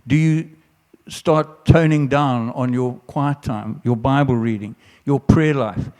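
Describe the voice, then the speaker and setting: A man's voice: medium pitch, steady tone, takes it slowly, darkish tone. Earnest preacher man in a reverberant hall. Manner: earnest, with restarts, builds to emphatic quoted lines. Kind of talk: sermon.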